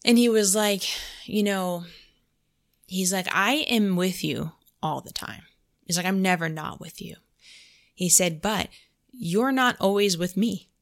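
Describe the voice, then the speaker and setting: A woman's voice: mid-range voice, unhurried. A woman hosting a casual faith podcast, telling a story and acting out her own prayers in between, with lots of "like". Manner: storytelling, heavy use of "like", quotes her own prayers aloud. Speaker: podcast host.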